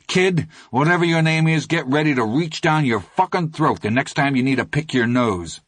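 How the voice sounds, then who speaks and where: A man's voice: on the high side, slow, a bit bright, dry recording, clean studio sound, voice pushed up. A man reading an audiobook, voicing a hot-tempered older teenage bully who snarls curses. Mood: enraged. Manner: snarling, cursing. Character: foul-mouthed older teen boy, hot-tempered bully.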